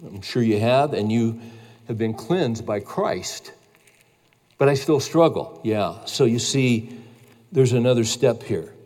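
A man's voice: mid-range voice, slow pace, darkish tone. An earnest male pastor preaches to a gathered congregation, his emphatic delivery rising in force as he presses his point. His voice rings out with a long hall reverb behind it. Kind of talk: sermon.

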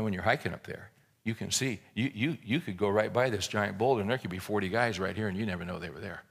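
A man's voice: sits low, vocal fry, a bit bright, slightly rough. A man preaching a sermon, retelling a scripture story in a folksy, joking way and often repeating words as he restarts a thought.

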